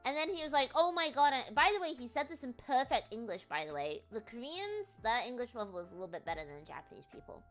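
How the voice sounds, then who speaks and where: A woman's voice: a little high, sing-song, quick pace, hardly any pauses, faint music behind. A woman VTuber streamer telling a travel story in rambling, chatty casual talk, laughing often at herself. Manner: rambling, chatty, self-deprecating with frequent laughs.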